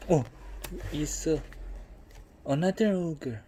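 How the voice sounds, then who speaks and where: A man's voice: a little high, takes it slowly. A young man tutoring a child in reading, prompting and correcting words and murmuring agreement. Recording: clear background noise.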